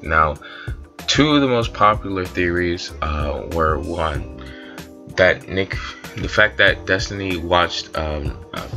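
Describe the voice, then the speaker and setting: A man's voice: sits low, bright, forceful tone. A man explaining online drama in casual commentary, rambling a little with fillers. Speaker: commentary YouTuber.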